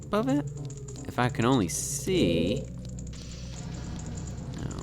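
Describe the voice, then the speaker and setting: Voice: medium pitch, slow. A game streamer giving live commentary while playing, talking to themselves and to chat with frequent exclamations. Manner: animated, talks to self and chat, frequent exclamations. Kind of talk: live gameplay commentary chatting with viewers. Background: game music.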